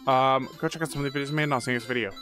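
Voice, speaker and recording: A man's voice: mid-range voice, fairly even intonation, rapid-fire, pushed and bright, faint music behind. A young man giving goofy, jumpy commentary while playing a horror game, muttering to himself and then yelping. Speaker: gaming YouTuber.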